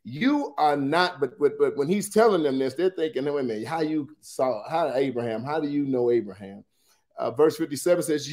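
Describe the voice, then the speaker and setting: A man's voice: medium pitch, expressive, moderate pace. A man leading a morning Bible study, reading scripture dramatically with colloquial asides. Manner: dramatic scripture reading, shifts loudness and pace widely.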